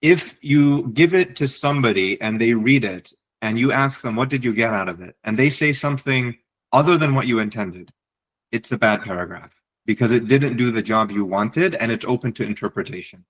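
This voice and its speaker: A man's voice: medium pitch, animated, normal speed, poor audio. A man presenting a webinar, a psychiatry fellow giving direct, encouraging writing advice over a video call, often repeating words as he restarts.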